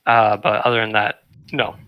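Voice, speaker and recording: A man's voice: on the low side, fairly even intonation, normal speed, muffled recording. A man running a tabletop game as game master, laid-back and hesitant, with plenty of fillers.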